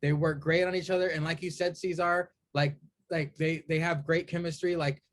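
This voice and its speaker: A slightly higher-voiced man talks wrestling on a podcast, stressing his points and saying them twice. His delivery is casual and steady. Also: normal speed. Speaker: podcast co-host.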